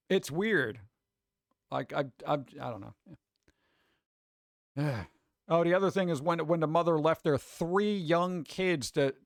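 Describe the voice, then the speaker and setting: High-voiced man rambling. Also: no room sound, clean studio sound. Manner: rambling, acts out other people's voices. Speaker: livestream host. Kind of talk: casual stream chat.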